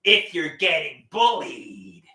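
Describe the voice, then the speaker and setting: Roomy-sounding man singing comic songs slowly. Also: sits high, lively intonation. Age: 30s. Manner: sings, raps and shouts with big swings. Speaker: livestreaming singer and comedian. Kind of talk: comic songs and raps on a livestream.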